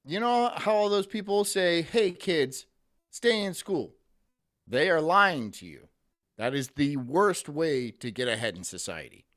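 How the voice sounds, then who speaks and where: A man's voice: on the high side, sing-song, normal speed, fairly bright tone. A man streaming, ranting profanely and reading chat messages aloud in casual commentary.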